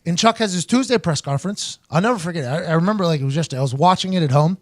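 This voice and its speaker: A man hosting his own podcast, telling stories loudly and with a lot of animation, swearing freely and laughing often. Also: a little high, racing. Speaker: podcast host. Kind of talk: casual storytelling.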